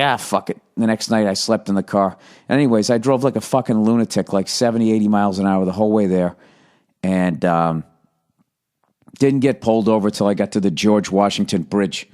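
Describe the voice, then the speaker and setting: A man's voice: on the low side, a little mellow. Profane rambling man telling road stories. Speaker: podcast host. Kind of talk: casual rambling monologue.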